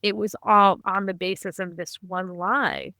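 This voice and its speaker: A woman guest on a podcast, telling a personal family story in an animated, conversational way. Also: medium pitch, measured pace, creaky, no echo. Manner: animated, acts out quoted dialogue.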